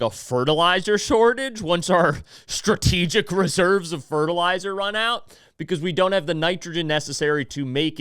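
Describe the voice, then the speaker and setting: A man's voice: fairly high pitch, a bit bright, smooth, no room sound, clean studio sound. A man hosting a casual commentary podcast, rambling and swearing with lots of fillers. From United States. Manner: profane, rambling, with many fillers. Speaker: podcast host.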